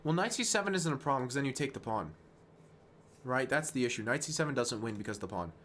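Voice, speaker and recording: A man streaming chess, talking fast and self-mocking through move lines, dropping to quiet muttering when frustrated. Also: medium pitch, expressive, slight background noise. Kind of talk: casual live-stream game commentary.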